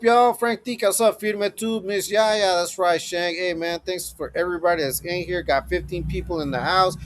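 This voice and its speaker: A man hosting his own live stream, giving profane, swaggering motivational talk with frequent laughter. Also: high voice. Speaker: livestream host. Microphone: streaming setup.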